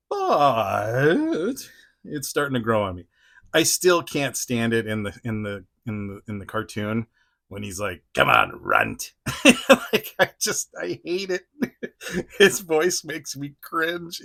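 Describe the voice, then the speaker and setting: Slow-talking man chuckling through a toy unboxing. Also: fairly low pitch, a bit bright. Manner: rambling, frequent chuckles and restarts. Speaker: toy collector reviewer. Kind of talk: casual unboxing commentary.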